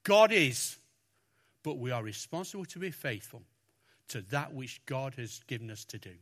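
A man preaching a sermon, talking through a Bible passage with lots of expression and acting out the lines he quotes. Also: moderate pace. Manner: expressive, animated, acts out quotes with raised pitch.

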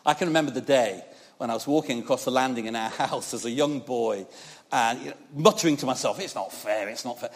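A man preaching a sermon at a church service, talking conversationally with many tag questions to the congregation, and swinging between loud emphasis and quiet passages. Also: medium pitch, quick pace.

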